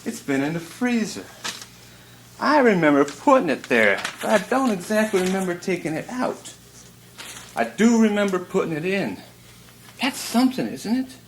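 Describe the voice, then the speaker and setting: Man, live spoken-word monologue, wry drawl, slightly high voice, echoey 80s bookshop recording, faint hiss. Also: very animated, normal speed. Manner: wry, drawling, laughing through lines. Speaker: performance poet. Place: bookshop reading before an audience.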